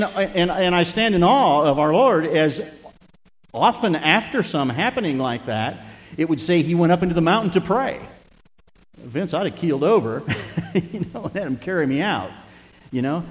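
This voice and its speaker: A man's voice: fairly high pitch, in a large hall. A male pastor preaching a conversational sermon to his congregation, mixing Bible reading with self-deprecating asides. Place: church sanctuary.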